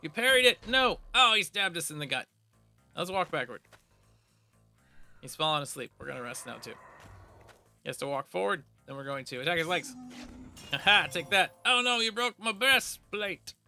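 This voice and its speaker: A man's voice: a little high, lively intonation, moderate pace, vocal fry, long pauses, sharp tone, soft background music. A man giving casual, playful commentary while playing a game, reading its text aloud with jokey asides. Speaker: gaming video creator. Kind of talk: casual let's play commentary.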